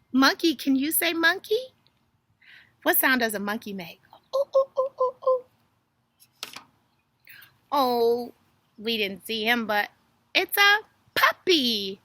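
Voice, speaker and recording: A woman's voice: high-pitched, pushed and bright. A young woman reading a story and doing animal flashcards for toddlers in a sing-song, exaggerated way. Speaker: children's video host.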